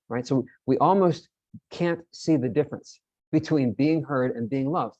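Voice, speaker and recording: A man's voice: medium pitch, moderate pace, dark tone, dry recording, dull audio. A man presenting an online teacher-training session, explaining in a friendly way and often repeating his words.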